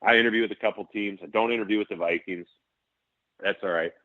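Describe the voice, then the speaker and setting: A man from Saint Paul, Minnesota, a former football center, telling animated stories with laughs and restarts. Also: fairly low pitch, fast, no room sound. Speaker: former NFL center, guest. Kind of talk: casual storytelling. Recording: tinny phone-like line, dry.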